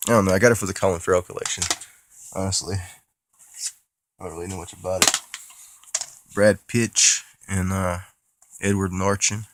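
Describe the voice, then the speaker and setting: A man's voice: sits low, steady tone, normal speed, long pauses, background noise. A man with a stuffy nose, casually rambling and swearing as he shows off his new movie haul in a vlog. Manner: casual and profane, rambling with restarts. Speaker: movie collector vlogger.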